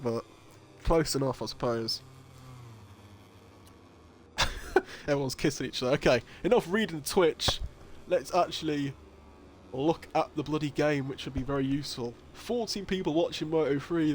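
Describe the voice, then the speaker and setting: A man's voice: a little high, a little hiss or hum. Man, league stream host, loose and jokey, curses a lot, laughs easily. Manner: chatty, laughs often, swears, reads chat aloud. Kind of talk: casual live-stream commentary.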